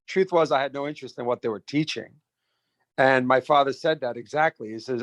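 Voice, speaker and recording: Fast-restarting middle-aged man, dry sound. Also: medium pitch, no echo. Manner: animated storyteller, many restarts and repeated words. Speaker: restaurant founder and guest. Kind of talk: casual interview storytelling.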